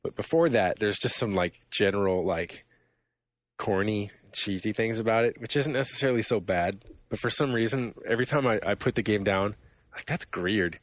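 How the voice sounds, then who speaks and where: A man's voice: lowish voice, moderate pace. A man on a gaming podcast, talking casually in a rambling way, laughing often and acting out lines from games. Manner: rambling, laughs often, acts out game taunts. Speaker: podcast co-host. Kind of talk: casual chat about video games.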